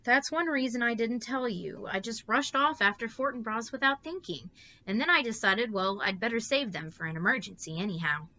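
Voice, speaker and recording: A woman's voice: on the high side, animated, normal speed, pushed and bright, highs cut off, voice pushed up. A woman voicing a small, clever boy who speaks bluntly and asks pointed questions. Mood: matter-of-fact.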